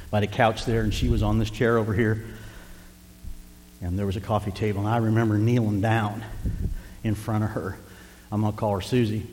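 A man preaching a sermon as pastor, impassioned, swinging between hushed pleading and loud preaching. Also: lowish voice, in a large hall, a little hiss or hum. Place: church sanctuary.

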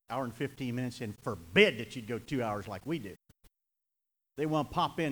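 A middle-aged man preaching a sermon as pastor, emotional and building to near-shouts on repeated lines. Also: mid-range voice, poor audio. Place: church.

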